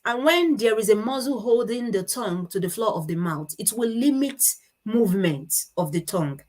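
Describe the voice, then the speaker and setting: A woman's voice: mid-range voice, expressive, normal speed, a little mellow. A woman giving a conference talk with slides, explaining step by step and stopping to correct herself. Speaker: conference speaker on child speech disorders.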